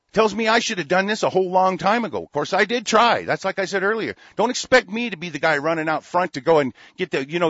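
A man's voice: high voice, a bit bright, dry recording, lo-fi sound. An older man hosting a talk radio show, ranting angrily and cursing often, with frequent restarts. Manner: profane, heated, with frequent restarts. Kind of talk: angry political rant.

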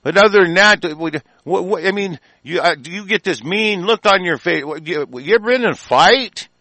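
A heated, profane man from the United States tears into his targets in an angry rant. His voice sits fairly high for a man, and the sound is close and dry with no room around it. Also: normal speed, sharp tone, no echo.

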